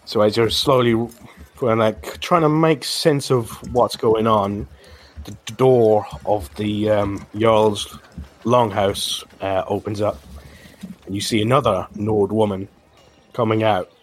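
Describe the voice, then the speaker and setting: In a fairly low voice with mostly even intonation, a man acts as game master for a tabletop game. His narration comes in fits and starts, heavy on fillers and restarts.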